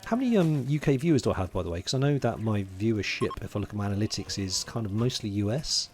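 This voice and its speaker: A man's voice: on the low side, expressive, fast talker, darkish tone. A man from London, streaming a game, chatting casually, muttering to himself while he plays and greeting viewers in chat. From England (London). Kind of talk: casual livestream commentary.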